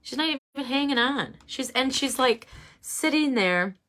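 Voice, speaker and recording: Slow, musing woman reading oracle cards. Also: high-pitched, animated, fairly bright tone. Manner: musing, halting, many fillers. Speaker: oracle card reader. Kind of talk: casual spiritual card reading.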